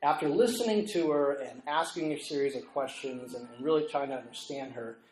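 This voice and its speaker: A man's voice: medium pitch, brisk, a little mellow, roomy sound, poor audio. A middle-aged man preaching, telling a story from his congregation and acting out the people in it. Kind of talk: storytelling sermon. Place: church meeting room.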